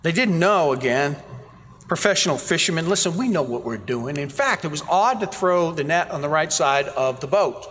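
A man preaching a sermon, telling scripture stories with animated voices for the people in them. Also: a little high, moderate pace, a little hiss or hum. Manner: animated storytelling, acting out quoted voices. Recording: reverberant hall.

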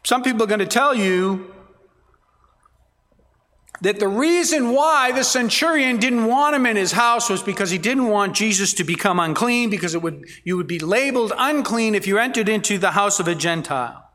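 A man's voice: high-pitched, expressive, normal speed, bright, forceful tone, big-room sound. A man preaching an expository sermon, reading scripture aloud and stressing key words earnestly. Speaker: pastor.

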